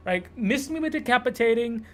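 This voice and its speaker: A man's voice: very high voice, expressive, moderate pace, fairly bright tone. A man from Canada giving loose, sweary, rambling commentary while streaming a game. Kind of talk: casual gameplay commentary.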